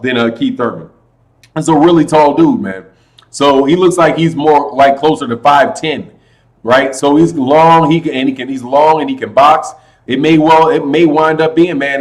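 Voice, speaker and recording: A man hosting a casual boxing livestream, talking loudly and with a lot of energy, his voice pitched a bit high for a man. He keeps calling his listeners "man" and "brother" as he reads their chat. A slight echo sits on his computer mic. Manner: loud, animated, says "man" and "brother" a lot. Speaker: boxing channel host.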